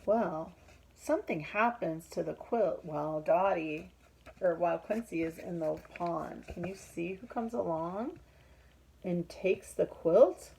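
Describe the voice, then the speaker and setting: A woman reading a picture book aloud to children, explaining pictures and asking questions, with a husky voice. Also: fairly low pitch, takes it slowly, warm tone, slight background noise, rough recording.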